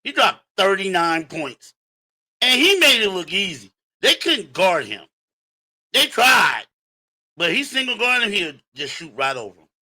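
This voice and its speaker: A male sports host on a livestream, with a high, very bright voice that swings widely in pitch. He talks straight to his viewers in an emphatic, animated way, often rising toward a shout on his main points. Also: measured pace.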